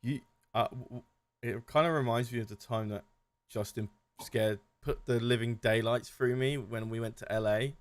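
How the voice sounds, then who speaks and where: A man co-hosting a podcast, telling stories in a halting, laughing way. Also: mid-range voice, fairly even intonation, no room sound. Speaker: podcast co-host. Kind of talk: casual chat.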